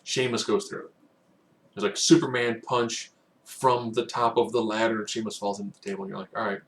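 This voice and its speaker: A man giving a casual, rambling spoken recap, now and then acting out quotes in loud bursts. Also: fairly low pitch, flat delivery, fairly quick, slight background noise. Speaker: wrestling recap host.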